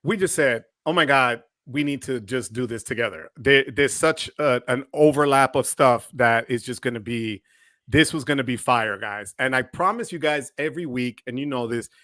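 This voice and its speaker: Male livestream host, dry close sound, upbeat shout-outs. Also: medium pitch, moderate pace, no room sound. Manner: hypes up viewers with shout-outs. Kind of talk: energetic livestream chat. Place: home studio.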